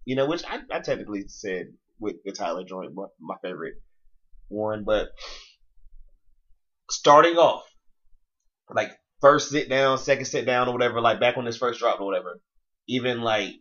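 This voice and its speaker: A man co-hosting a casual music review chat, animated and slangy, often talking over his co-host. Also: medium pitch, moderate pace, long pauses, lo-fi sound.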